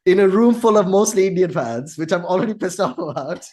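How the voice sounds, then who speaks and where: A man co-hosting a podcast, telling a story in casual chat, animated and swearing. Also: high-pitched, brisk. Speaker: podcast co-host.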